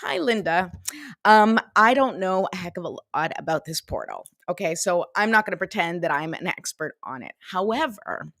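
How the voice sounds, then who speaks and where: A woman's voice: fairly low pitch, animated, normal speed, a bit bright, no room sound, clean studio sound. A middle-aged woman hosting a casual morning show as an energy coach, chatty and upbeat, often laughing as she talks. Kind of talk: casual morning livestream talk.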